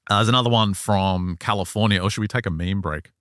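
A man hosting a podcast, telling an eyewitness story in a casual, animated way and acting out the quoted lines. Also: on the low side, quick pace, clean tone, no room sound, clean studio sound. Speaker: podcast host. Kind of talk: casual chat, retelling an eyewitness account.

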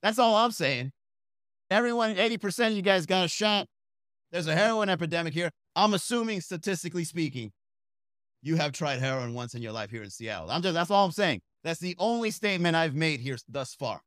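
A man's voice: fairly high pitch, animated, brisk, fairly bright tone, no echo, studio quality. A young man doing a comedic podcast monologue, rambling through stories with digressions. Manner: rambling, digressive storytelling with asides. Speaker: stand-up comedian and podcast host.

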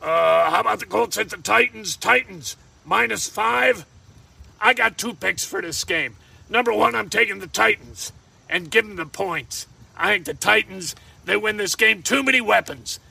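A man runs through his weekly betting picks, joking and rambling and even talking to himself. His voice sits high and has a gravelly rasp. It comes across bright and edgy. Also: moderate pace. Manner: jokey, rambling, talks to himself. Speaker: sports betting picks host. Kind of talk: casual picks monologue.

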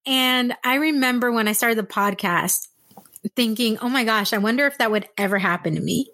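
A woman podcast host from San Diego, telling stories in casual chat and acting out quotes in excited voices. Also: moderate pace, no echo, clean studio sound. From San Diego, USA. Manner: animated storyteller, acts out quotes with high excited voices.

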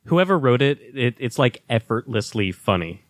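A man's voice: mid-range voice, very animated, moderate pace, dry recording, studio quality. A man co-hosting a podcast in casual chat, enthusiastic and swearing freely as he runs through his list. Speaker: podcast co-host.

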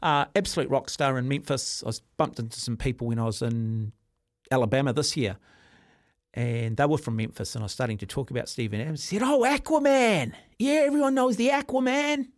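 Kiwi bloke hosting sports radio, rambly chatty stories, mid voice, dry studio sound. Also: male voice, mid-range voice, a little fast, no echo. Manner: rambling, animated storyteller. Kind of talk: casual radio chat.

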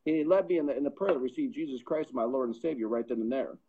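A man's voice: medium pitch, fast talker, noisy background. A middle-aged man, a podcast guest, earnestly telling a personal testimony and often repeating words as he builds momentum. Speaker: podcast guest, pro football scout. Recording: dull lo-fi sound.

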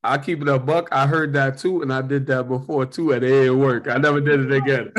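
A man's voice: medium pitch, fairly even intonation, a little fast. A man chiming in casually with candid slang. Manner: loud, candid slang chatter. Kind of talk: casual chat.

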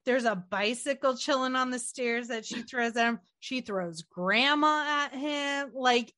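A woman chatting casually about a movie, retelling scenes in an animated way and swearing offhandedly. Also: sits high, unhurried. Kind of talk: casual movie recap chat.

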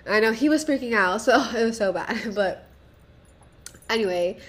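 A woman's voice: a little high, lively intonation, normal speed. A young woman hosting a casual solo podcast, rambling and profane, self-deprecating, with nervous laughs. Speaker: podcast host.

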